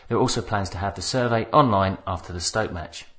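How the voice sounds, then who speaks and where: A man hosting a football fan podcast, telling stories in casual chat and bursting into shouted punchlines. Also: lowish voice, fast talker. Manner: storytelling, laughs into shouted punchlines. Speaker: podcast host.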